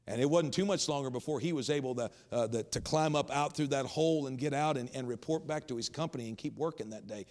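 A man's voice: mid-range voice, fast talker, hardly any pauses, a little mellow. A man preaching a sermon, retelling a story with rising intensity. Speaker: pastor.

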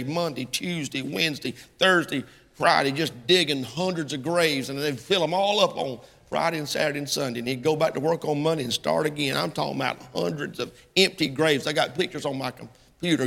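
A middle-aged man preaching a sermon in a folksy style that climbs into impassioned, shouted passages. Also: a little high, gravelly, big-room sound.

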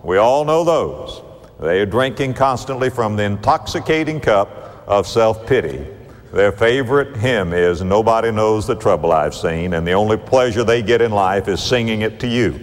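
A man preaching a sermon, emphatic and rhythmic, slowing down dramatically on key phrases. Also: lowish voice, animated. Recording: long reverb of a large hall.

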